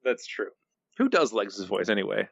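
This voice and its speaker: A man's voice: lowish voice, very animated, moderate pace, creaky, fairly bright tone, breathy edge, dry recording, muffled recording. A man co-hosting a podcast in casual chat, dry and understated, reading listener quotes. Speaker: podcast co-host.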